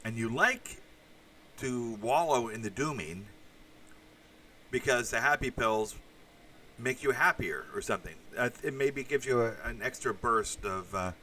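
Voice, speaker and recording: Man, casual livestream host, rambling, sharp bright voice, distant mic, faint background noise. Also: medium pitch, expressive, unhurried. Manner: rambling, with asides and crude swearing. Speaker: podcast host reading live chat.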